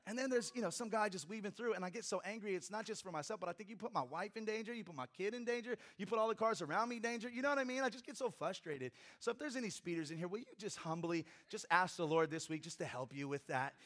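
Bright-voiced man preaching a sermon. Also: sits high, quick pace, hardly any pauses. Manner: preaching with big swings from loud to hushed; humorous personal asides to the congregation. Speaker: pastor.

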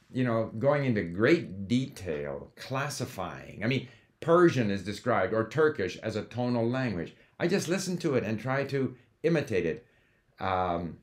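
An older man from Canada talking casually about learning languages, wandering off on digressions and stopping to correct himself. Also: fairly low pitch. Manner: conversational, digressive, with fillers and self-corrections. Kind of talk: casual monologue.

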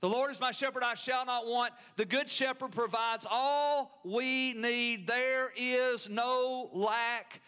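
A pastor with a Southern US accent preaches with a high, bright voice. He drives points home through repetition and calls for the congregation to answer back. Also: a little slow, hardly any pauses, clear, resonant tone. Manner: call-and-response preaching, emphatic repetition. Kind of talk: sermon.

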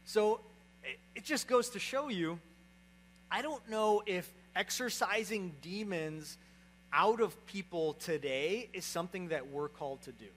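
With lively intonation and an unhurried pace, this young pastor's high, fairly bright voice carries his sermon. He chats with the congregation conversationally, often tossing in "right?" The recording quality is low.

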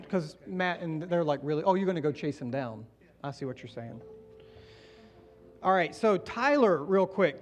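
A man pastor leading a baptism service, chatty and encouraging with the people coming forward. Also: high-pitched. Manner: warm, encouraging, chatty asides.

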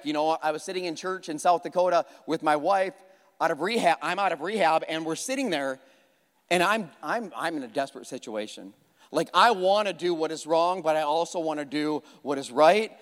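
A man preaching a sermon in a church, conversational and animated, repeating phrases for emphasis and joking at his own expense. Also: a little high. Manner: conversational with self-deprecating humor. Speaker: pastor. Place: church hall. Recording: long hall reverb.

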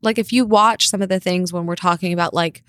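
A woman's voice: on the low side, steady tone, fairly quick, fairly bright tone, no room sound, clean studio sound. Young woman with a valley-girl lilt. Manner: says like a lot, valley-girl sound. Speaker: podcast guest, political host. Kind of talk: casual interview chat.

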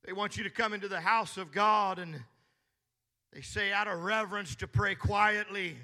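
A man preaching a sermon, speaking slowly and building from hushed tones up to shouting. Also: high-pitched, steady tone. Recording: long hall reverb.

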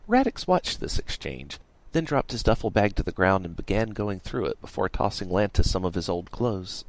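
A man reading an audiobook aloud in a playful, expressive way. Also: low-pitched, normal speed, no echo. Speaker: audiobook reader. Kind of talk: audiobook narration.

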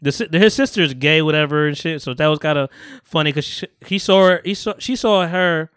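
Animated man retelling a movie. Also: fairly high pitch, fairly quick, clear, resonant tone, dry recording. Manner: animated retelling, acting out quotes, frequent laughter. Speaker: podcast host. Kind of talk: casual chat.

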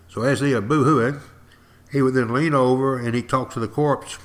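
A man's voice: medium pitch, fairly even intonation, moderate pace. A man giving a podcast history lecture as a folksy, dramatic storyteller who keeps turning to speak directly to his listeners.

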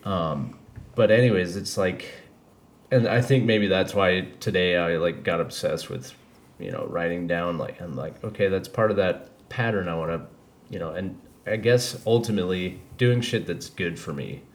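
A podcast host with a low-pitched voice chats casually at a moderate pace. He rambles candidly and swears freely as he goes.

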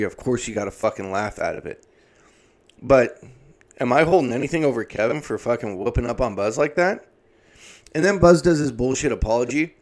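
A man in his thirties ranting comedically, exasperated and swearing heavily. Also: mid-range voice. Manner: profane, exasperated, heavy swearing. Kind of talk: comedic rant.

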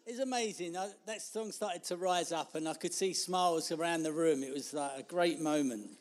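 Man, fifties, preacher, informal chatty sermon, laughing asides, slightly high voice. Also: moderate pace. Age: 50s. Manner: chatty, self-deprecating, laughs through asides.

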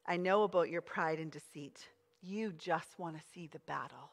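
A woman voicing a scolding older brother in a low, hushed tone during a sermon. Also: normal speed, in a large hall. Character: scornful older brother, a soldier.

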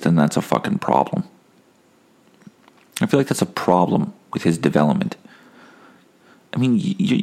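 A man's voice: fairly low pitch, vocal fry, darkish tone. A man hosting a casual solo podcast, rambling and wry, swearing freely. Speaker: podcast host.

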